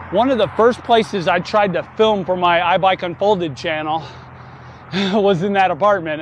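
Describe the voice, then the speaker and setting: A man telling a story in a casual vlog while riding a bike outdoors, chatty and wry with frequent chuckles. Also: high-pitched. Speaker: vlogger. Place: outdoors on city streets, riding a folding bike.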